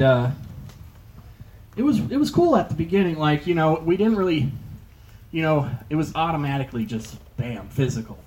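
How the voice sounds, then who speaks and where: A man's voice: mid-range voice, darkish tone, a little hiss or hum, rough recording. A young man doing a stand-up comedy set on a club stage, rambling with lots of filler words. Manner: rambling, filler-heavy delivery with many "like"s.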